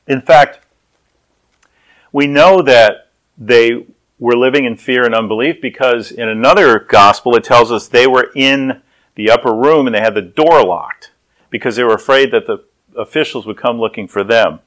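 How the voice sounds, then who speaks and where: A man's voice: medium pitch, normal speed, fairly bright tone, low-quality recording. A man preaching a sermon as pastor, telling personal stories and acting out the people in them. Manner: storytelling, acts out voices.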